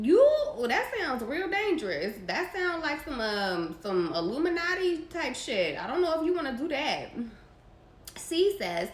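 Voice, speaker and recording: Reading questions from chat during a live podcast Q&A, a young female host answers with brash, laughing, foul-mouthed reactions. Her voice is mid-range and a bit bright, and the room is echoey with faint ambient noise.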